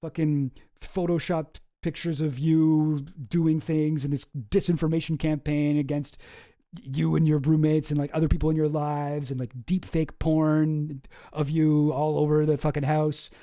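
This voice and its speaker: A man's voice: fairly high pitch, little pitch movement, a little slow, mellow, no room sound, clean studio sound. A man hosting a show, ranting in casual commentary with lots of swearing and exasperation. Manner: profane, exasperated. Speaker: host.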